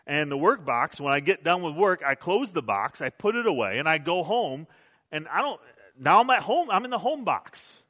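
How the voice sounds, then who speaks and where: A man's voice: a little high, very animated, moderate pace, sharp tone, in a large hall. A male pastor preaching a sermon in a conversational, self-deprecating storytelling way, recorded in a church sanctuary.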